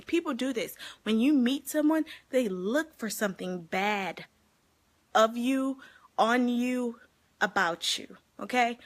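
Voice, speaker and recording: A woman vlogging casually to her viewers, giving life advice in an animated, chatty way and laughing often. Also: mid-range voice. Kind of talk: casual talk to camera.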